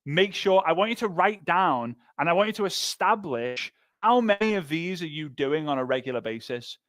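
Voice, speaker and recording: A man teaching a motivational marketing lesson on a livestream, energetic and punchy, repeating phrases for emphasis. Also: fairly high pitch, normal speed, no echo. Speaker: sales trainer. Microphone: livestream microphone.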